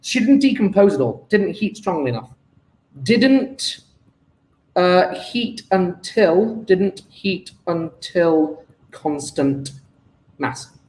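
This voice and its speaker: Animated, high-voiced male chemistry tutor. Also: takes it slowly, roomy sound. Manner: thinks aloud, talks to himself while working sums. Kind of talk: exam paper walkthrough.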